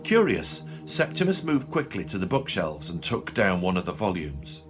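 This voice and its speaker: A man reading a short story aloud in a dry, expressive storytelling manner. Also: sits low, moderate pace, soft background music. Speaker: narrator. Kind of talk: audiobook reading.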